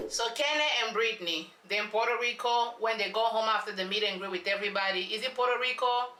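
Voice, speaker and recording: A woman's voice: on the high side, animated, fairly quick, far from the mic, background noise. A woman vlogger giving a casual, sassy recap of a reality show, dramatic and repeating lines for emphasis. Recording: echoey room, voice off-mic.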